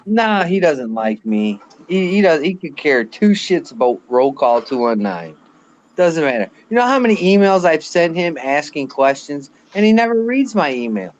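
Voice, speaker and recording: A man's voice: a little high, very animated, moderate pace, highs cut off, a little hiss or hum. A man in his late thirties ranting bluntly and swearing in a casual live chat. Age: late 30s. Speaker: guest on a live show.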